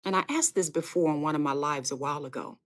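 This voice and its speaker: A woman with a lowish voice preaches on a live podcast stream. She speaks earnestly and directly to her listeners, often repeating phrases. Her key points rise with fervent emphasis. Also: quick pace. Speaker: podcast host and faith speaker. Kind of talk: live-streamed inspirational sermon.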